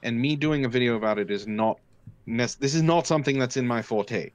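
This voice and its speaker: A man's voice: mid-range voice, brisk, dry recording. Indignant, swearing man, dry sound. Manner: indignant, blunt, swears freely. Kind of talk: casual live discussion.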